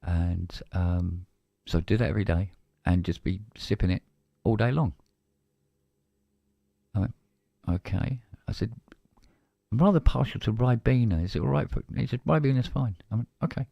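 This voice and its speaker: A man's voice: lowish voice, normal speed, creaky, dark tone, dry recording. A man with a British accent, co-hosting a casual live-stream chat and telling a story by acting out both sides of a conversation. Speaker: co-host.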